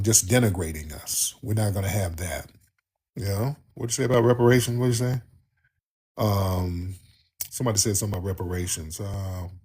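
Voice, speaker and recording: Guy hosting a call-in show, kinda husky voice, keeps repeating himself and gets loud and lively. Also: on the low side. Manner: emphatic, repetitive, animated on-air chatter. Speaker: radio show host taking callers. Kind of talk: casual call-in talk show.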